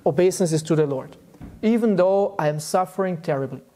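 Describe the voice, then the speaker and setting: A man giving a relaxed devotional talk to a group, chuckling often as he tells stories. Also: sits high, brisk. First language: German. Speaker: spiritual teacher.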